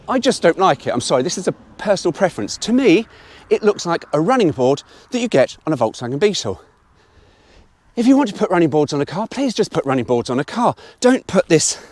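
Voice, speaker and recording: A middle-aged man, giving a chatty, blunt and opinionated car review walkaround with some mild swearing. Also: high-pitched.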